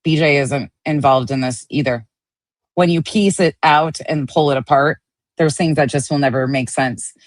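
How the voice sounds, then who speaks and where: A woman's voice: deep voice, moderate pace, no room sound. A woman giving heated livestream commentary, ranting angrily and swearing often. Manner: angry, profane ranting. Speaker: online drama commentator.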